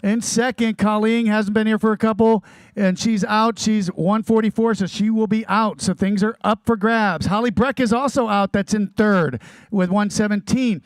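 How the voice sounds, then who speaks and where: A man at a bike race reads out standings and instructions in a plain, businesslike way while losing his voice. His tone is smooth and high-pitched, and the sound is close and dry. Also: steady tone, normal speed, no echo. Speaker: race official. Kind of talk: announcements to racers.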